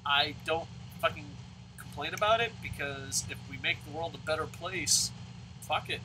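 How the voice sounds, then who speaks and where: A man ranting profanely as he plays a baseball video game, with loud outbursts. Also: fairly high pitch, moderate pace, background noise. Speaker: let's play host. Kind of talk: profane gaming commentary rant.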